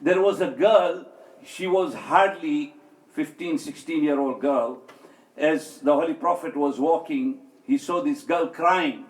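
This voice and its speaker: A man with a high voice gives a sermon in a large hall, and the room is roomy and echoing. He tells stories and acts out each speaker, rising and falling sharply in pitch and volume. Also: a little slow. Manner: tells stories, acting out quoted speech with swings of pitch and loudness. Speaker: speaker at an Islamic center. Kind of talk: sermon with storytelling. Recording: echoey hall.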